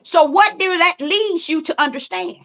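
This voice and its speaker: A woman's voice: very high voice, moderate pace, fairly bright tone. A middle-aged woman, preaching fervently online with rhythmic, repetitive emphasis. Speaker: self-styled prophetess preaching online. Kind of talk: impassioned preaching.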